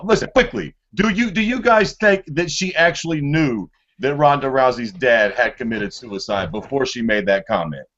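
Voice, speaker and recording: A man's voice: medium pitch, lively intonation, normal speed, hardly any pauses, a bit bright. A man co-hosting a fight podcast, swearing constantly as he rambles emphatically through casual sports chat. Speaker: podcast co-host. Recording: muffled lo-fi audio.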